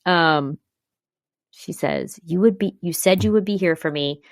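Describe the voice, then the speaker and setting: A woman's voice: on the low side, unhurried, no echo, studio quality. A woman co-hosting a podcast, chatting casually and retelling scenes with quoted voices. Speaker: podcast co-host. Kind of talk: casual recap chat.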